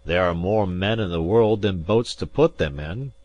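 Audiobook: low-voiced male reader as a wary, shrewd ship captain, guarded, dry sound. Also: normal speed, a little mellow, dry recording, muffled recording, lightly acted.

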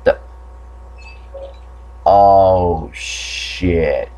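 A man's voice: lowish voice, slow pace, pauses often, darkish tone. A young man commenting on a horror game playthrough, swearing often and yelping when startled. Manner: swears a lot, jumpy and startled. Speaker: gamer.

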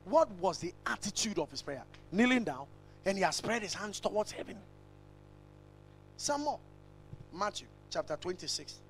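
A man preaching a sermon, emphatic and repetitive, swinging between shouted lines and hushed asides. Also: sits high, very animated, moderate pace, pauses often, slight background noise, low-quality recording. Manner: repetitive, rhetorical.

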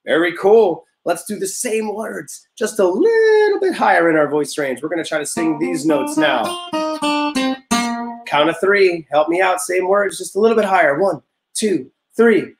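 A young man teaching a music class, leading vocal warm-ups in an upbeat, encouraging way and explaining step by step. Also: high-pitched, animated, normal speed. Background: guitar notes played under the talk.

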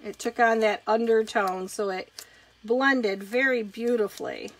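A woman's voice: fairly high pitch, measured pace. A woman hosting a live craft demonstration, chatting casually as she talks through each step of her work.

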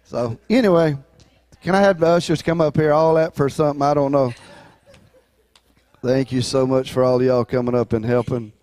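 A man's voice: medium pitch, fairly even intonation, moderate pace, darkish tone, no room sound. A man, a pastor talking casually and rambling in folksy phrases during the church offering. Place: church sanctuary.

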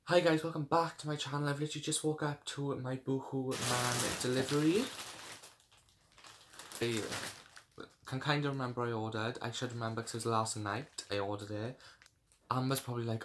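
A man's voice: medium pitch, little pitch movement, normal speed, background noise. A young man chatting casually through a clothing try-on haul, rambling with lots of fillers. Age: young adult. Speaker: fashion vlogger.

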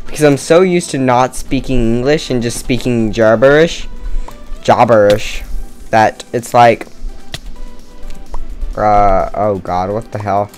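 A man's voice: mid-range voice, slow, pauses often, a little mellow, soft background music. A man doing casual let's-play commentary on a murder mystery game, tired from no caffeine, rambling, joking at himself and swearing.

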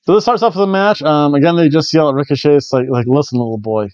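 A man's voice: fairly high pitch, fast, darkish tone, clean tone, dry recording, highs cut off. A man hosting a casual wrestling review show, rambling with jokey asides. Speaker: wrestling review podcast host. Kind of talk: casual recap commentary.

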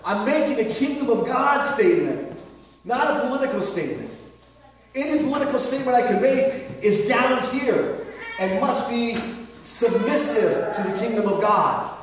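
A man's voice: very high voice, animated, moderate pace, slight background noise. A man preaching a sermon as pastor, emphatic and repetitive, full of rhetorical questions. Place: church sanctuary. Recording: echoey hall recorded from far off.

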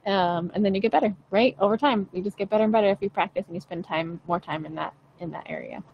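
A woman's voice: medium pitch, quick pace, lo-fi sound. Young woman vocal coach, casual and blunt, mid-range voice, faint background noise. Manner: chatty, frank, playful, swears casually. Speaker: singing teacher. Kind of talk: casual livestream voice lesson.

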